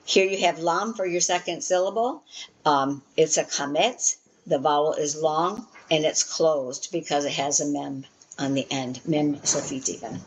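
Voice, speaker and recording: Low-voiced woman teaching a class. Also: unhurried, low-quality recording. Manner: patient, filler-heavy, restarts often. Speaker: Hebrew teacher.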